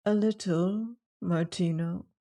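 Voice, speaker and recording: A reader voicing a fierce but wounded young woman who speaks softly and wearily in old-fashioned phrasing, for an audiobook. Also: medium pitch, steady tone, slow pace. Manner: soft, weary, archaic speech.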